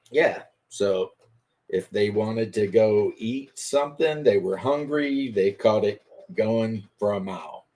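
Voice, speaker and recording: Slow, rambling man in his fifties. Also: on the low side, a little mellow. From Kentucky. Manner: rambling, anecdotal storyteller. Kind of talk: casual chat while crafting.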